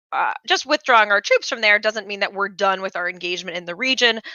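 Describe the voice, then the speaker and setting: A woman's voice: medium pitch, sharp tone, clear, resonant tone, no room sound, lo-fi sound. A woman hosting a political commentary show, chatty and opinionated with jokey asides. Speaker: host.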